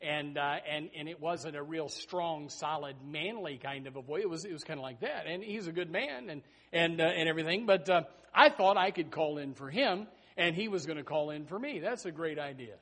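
Preaching a sermon, a middle-aged man wanders off into an extended personal anecdote full of asides and false starts. He speaks fairly quickly with few pauses, in a fairly bright voice that's a bit high for a man.

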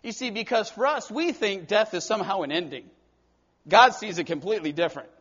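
A male preacher delivering a sermon in a storytelling way, swinging between soft passages and emphatic ones, on a dull lo-fi recording. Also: high-pitched, expressive, a little fast.

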